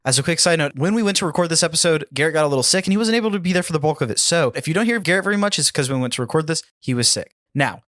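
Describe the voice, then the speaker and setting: A man's voice: a little high, lively intonation, rapid-fire, few pauses, fairly bright tone, soft background music. A young man hosting a tabletop game podcast, recapping the story in a casual, chatty way and laughing often. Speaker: game master.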